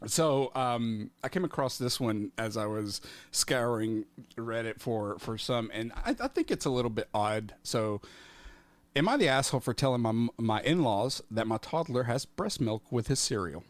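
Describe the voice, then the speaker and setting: A man's voice: mid-range voice, lively intonation, normal speed, no room sound. A man co-hosting a podcast, casual and a bit hesitant, reading a forum post aloud. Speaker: podcast co-host.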